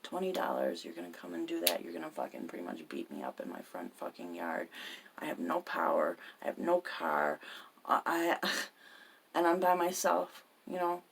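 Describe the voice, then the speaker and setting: Gravelly, profane woman telling her story. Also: rumbling low, very animated, moderate pace, slight background noise. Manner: profane, emphatic, swears constantly. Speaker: podcast host. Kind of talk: personal storytelling.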